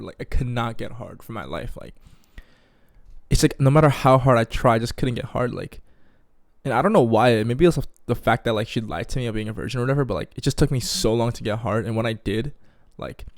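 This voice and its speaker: A man's voice: medium pitch, a little fast, darkish tone, dry recording, clean studio sound. A young man telling a casual storytime, slangy and full of "you feel me?".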